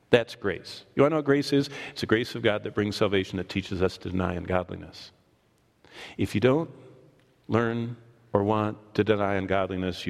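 A man preaching a sermon as pastor, animated and acting out scripture in voices. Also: medium pitch. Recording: long hall reverb.

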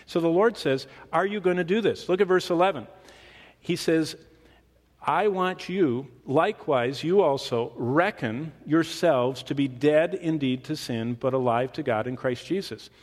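A man preaching a sermon to a congregation, animated, with his pace and volume shifting for emphasis. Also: a little high, a little slow. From Michigan. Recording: long reverb of a hall.

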